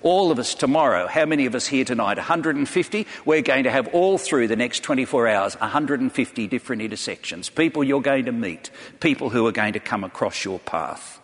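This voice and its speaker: Speaking fairly quickly with few pauses, a man preaches in a church hall to a large congregation, his mid-range voice full of lively intonation. He earnestly relates stories and questions his listeners directly, and the hall lends a long reverb to the sound.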